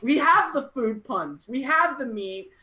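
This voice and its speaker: A woman's voice: high voice, expressive, unhurried, noisy background. A young woman hosting an online comedy show, cracking puns and laughing at her own jokes over a computer mic. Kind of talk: casual stand-up hosting. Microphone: computer mic on a video call.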